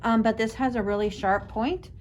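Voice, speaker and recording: A woman's voice: a little high, fairly even intonation, normal speed, a little mellow, a little hiss or hum. A woman explaining a sewing tool in casual chat, hesitant, with fillers. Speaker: sewing tutorial co-host.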